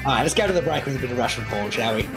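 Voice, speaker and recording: A man's voice: mid-range voice, lively intonation, very fast, over music. A man co-hosting a podcast, joking and stumbling over his words. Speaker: podcast co-host. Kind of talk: casual chat.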